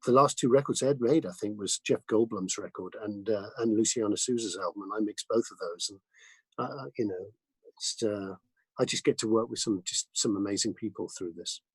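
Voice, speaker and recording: Animated man telling studio stories. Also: fairly low pitch, brisk, slightly rough, no room sound, poor audio. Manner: animated anecdotes with many restarts and fillers. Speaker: guest, mixing engineer. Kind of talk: casual interview storytelling.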